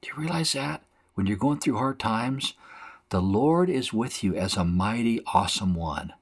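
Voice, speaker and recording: A man's voice: lowish voice, expressive, normal speed, breathy edge. A man teaching a Bible passage verse by verse, explaining it in plain conversational terms. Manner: explains scripture conversationally, acts out quotes.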